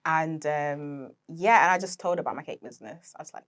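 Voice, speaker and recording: A woman's voice: deep voice, fairly quick. A young woman guest telling stories in a casual interview, chatty and full of fillers, laughing often. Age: young adult. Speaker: podcast guest, interior decor founder.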